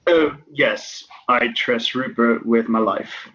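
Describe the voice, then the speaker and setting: A man voicing a polite, unconventional woman tavern keeper who talks hesitantly with many pauses, on dull lo-fi audio. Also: mid-range voice, bright, forceful tone, faint music behind. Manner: hesitant, full of ums.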